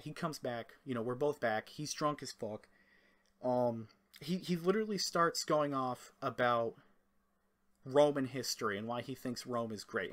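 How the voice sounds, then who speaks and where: A young man telling a rambling, profane story in a casual monologue, acting out quoted lines as he goes. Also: medium pitch. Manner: rambling, profane, animated retelling with quoted voices. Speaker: storyteller vlogger.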